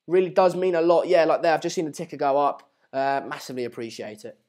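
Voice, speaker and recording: A young man hosting a live football watchalong, chatting casually, reading out viewer messages and breaking into excited match updates. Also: fairly high pitch, fast. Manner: chatty, reads out and answers viewer messages, many fillers and restarts. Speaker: live stream host.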